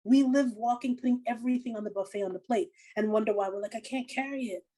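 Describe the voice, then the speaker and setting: A middle-aged woman, a comedian and laughter yoga teacher, giving casual animated advice full of quoted asides. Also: on the high side, quick pace, rough recording.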